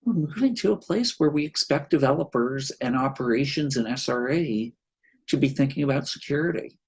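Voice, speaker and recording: A man's voice: medium pitch, expressive, fairly quick, breathy edge, poor audio. A man being interviewed on a podcast as a security expert, explaining his points thoughtfully with wry asides.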